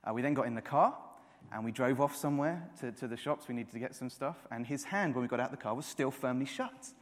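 A man's voice: medium pitch, quick pace. Earnest preacher man in a reverberant hall. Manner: earnest, repeats words, rises to emphatic peaks. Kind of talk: sermon. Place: church hall. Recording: long reverb of a church hall.

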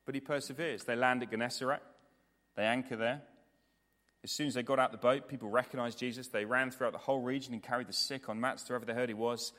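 A man preaching a sermon with earnest, repetitive emphasis, moving between raised passages and hushed ones, then leading a prayer. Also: medium pitch, steady tone, quick pace. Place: church. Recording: long hall reverb.

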